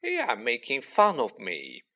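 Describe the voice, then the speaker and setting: A man voicing a sulky, weepy ghost of a schoolgirl in an audiobook reading, high and self-pitying. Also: huge pitch swings, a little slow, bright, forceful tone, exaggerated voice. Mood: hurt.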